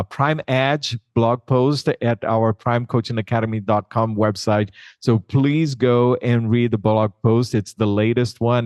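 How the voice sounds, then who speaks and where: A man's voice: mid-range voice, darkish tone, no room sound, studio quality. A man hosting a coaching podcast, talking with enthusiasm and often restarting his sentences. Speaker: podcast host. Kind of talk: podcast conversation.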